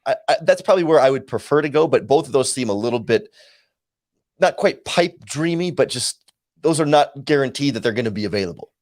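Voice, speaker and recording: A male guest analyst on a casual sports talk show who thinks aloud, often restarting his sentences. His voice sits at an average pitch for a man. The recording is dry and close. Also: animated, a little mellow, no room sound. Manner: halting, thoughtful, many restarts. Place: remote call.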